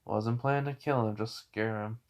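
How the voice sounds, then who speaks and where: Tanjiro, a man doing a cold quiet swordsman. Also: lowish voice, steady tone, moderate pace, lightly acted. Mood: cool. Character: calm, cold, quietly menacing young male swordsman.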